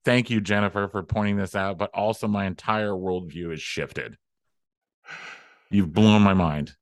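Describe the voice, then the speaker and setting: Flustered guy doing improv, lowish voice, dry sound. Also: a little slow, no room sound. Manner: flustered, incredulous. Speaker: improv performer, farmer character. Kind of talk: improv comedy.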